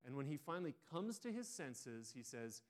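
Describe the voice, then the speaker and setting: A man's voice: mid-range voice, very animated, normal speed. Conversational male preacher mid-sermon. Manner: conversational retelling with frequent restarts.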